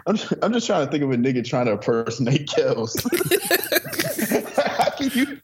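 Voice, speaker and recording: A man's voice: mid-range voice, big pitch swings, normal speed, slightly rough. A man co-hosting a casual podcast chat, joking and laughing a lot. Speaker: podcast co-host.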